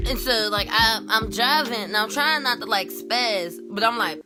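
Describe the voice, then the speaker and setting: A young woman vlogger from Pittsburgh telling wild driving stories in a casual, animated rant, saying "like" constantly and acting out the dialogue. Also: fairly high pitch, unhurried, few pauses, over loud music. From Pittsburgh, USA. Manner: animated, heavy use of "like", acts out dialogue. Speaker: vlogger and rideshare driver.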